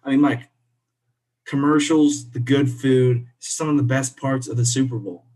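A man's voice: medium pitch, fairly even intonation, a little slow, warm tone. A man co-hosting a podcast in a casual, upbeat, chatty way. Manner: chatty, upbeat, drifts into laughs. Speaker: podcast co-host. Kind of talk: casual chat.

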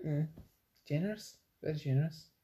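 A woman's voice: deep voice, normal speed, mellow. A woman co-hosting a podcast, teasing her partner with chuckling banter in casual chat. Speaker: podcast co-host.

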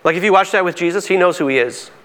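A pastor preaching a sermon in a conversational, emphatic way, his voice climbing high on key points. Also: very fast, fairly bright tone.

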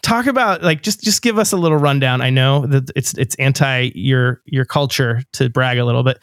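A man in his forties hosts a podcast, talking in a loose, rambling way with plenty of ums. His voice sits at an ordinary pitch. The sound is close and dry, with no room around it. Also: moderate pace, a bit bright, dry recording. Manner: rambling, easygoing, lots of fillers. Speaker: podcast host. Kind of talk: casual interview chat.

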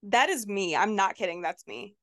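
A woman's voice: mid-range voice, moderate pace, vocal fry, no room sound, clean studio sound. A woman co-hosting a podcast in casual chat, playful and joking, who also reads the show plugs. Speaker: podcast co-host.

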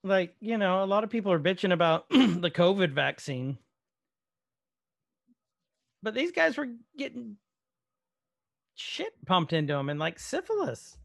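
A man's voice: sits high, sing-song, unhurried, gravelly, pauses often, fairly bright tone, no room sound, clean studio sound. A man in casual podcast chat, retelling a show's scenes with quoted dialogue and some swearing. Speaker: podcast co-host. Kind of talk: casual chat recapping a show episode.

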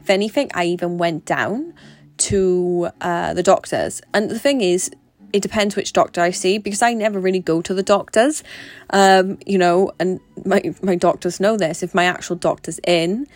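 A woman's voice: on the low side, moderate pace, dry recording. A young woman, talking frankly and swearing freely in a casual vlog monologue. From Britain. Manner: chatty, swears a lot, frank. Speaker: vlogger.

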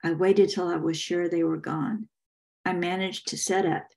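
An older woman from Texas, an author reading her own novel aloud in measured, first-person audiobook narration. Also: on the low side, fairly even intonation, vocal fry, darkish tone.

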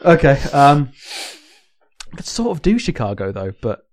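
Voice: medium pitch, sing-song, moderate pace, a little mellow. A player chatting casually during a party game, often flustered and laughing. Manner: giggly, flustered.

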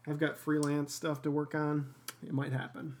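Guy chatting at home on his podcast, relaxed and jokey, dry humor. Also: fairly high pitch, normal speed. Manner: easygoing, wry joking. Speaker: podcast co-host. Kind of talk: casual chat.

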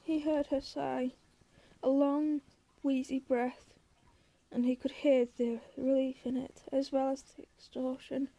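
A woman reading a story aloud as narrator, quiet and measured. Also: high-pitched, flat delivery, dry recording, muffled recording. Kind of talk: audiobook reading.

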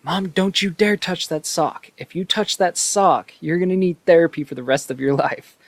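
A man putting on the voice of a whiny young male gamer shouting at his mom. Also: fairly high pitch, normal speed, vocal fry, dry recording, pitched above the performer's own voice. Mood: whining.

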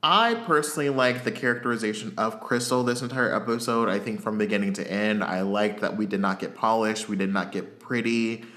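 Bright-voiced man giving blunt opinions. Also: on the low side, fairly quick, few pauses. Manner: frank, hesitant restarts, blunt verdicts. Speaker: podcast co-host. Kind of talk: casual chat reviewing a reality show.

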